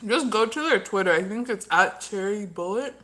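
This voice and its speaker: A woman's voice: mid-range voice, lively intonation, moderate pace, pushed and bright. A woman hosting a casual livestream, rambling through her opinions and talking while she eats. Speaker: livestream host.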